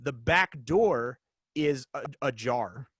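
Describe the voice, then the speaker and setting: A man in his forties, a podcast guest, telling a story casually and haltingly with many fillers and restarts. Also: medium pitch, expressive, a bit bright, dry recording.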